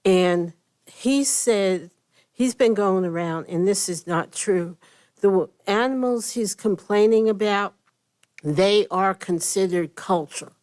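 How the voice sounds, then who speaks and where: A woman neighbor giving a deliberate statement during public comment at a county meeting. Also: lowish voice, a little mellow.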